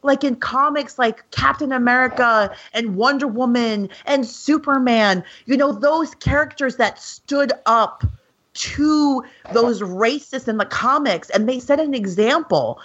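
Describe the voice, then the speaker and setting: A woman's voice: fairly high pitch, measured pace, a bit bright, husky, highs cut off. A woman on a podcast chatting casually and wryly, filling her speech with "like". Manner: says "like" constantly, wry. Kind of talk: casual chat.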